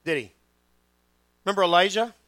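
Animated man preaching a sermon. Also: high voice, a little fast, no room sound. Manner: animated storytelling, acting out quoted voices. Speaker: pastor.

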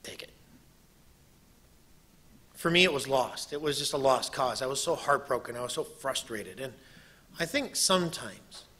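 A man who preaches a sermon, telling a personal story in an animated way and acting out what people said. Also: mid-range voice, moderate pace, breathy edge. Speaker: preacher and missionary.

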